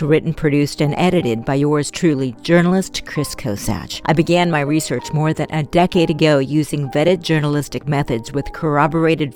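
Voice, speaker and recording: Low-voiced woman narrating a story. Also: darkish tone. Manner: measured, storytelling. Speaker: podcast narrator and host. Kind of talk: scripted narration.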